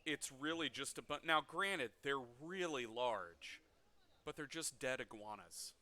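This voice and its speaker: A man narrating a tabletop game as game master, playful and quick to laugh. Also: mid-range voice, expressive, pushed and bright.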